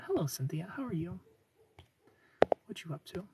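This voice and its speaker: His voice sits high, with a sing-song rhythm, vocal fry, and a warm tone at a moderate pace. The Brit, faking an American accent, answers his livestream chat in a chatty way, reading comments out and laughing a lot; the mic is distant and there's slight background noise.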